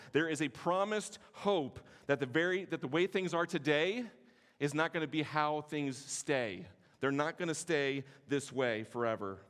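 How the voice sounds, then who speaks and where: A man, teaching at a conference in a passionate, sometimes forceful way with joking asides. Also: fairly high pitch. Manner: passionate, can sound forceful; self-deprecating joking asides. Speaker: conference speaker. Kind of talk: teaching sermon. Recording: long hall reverb.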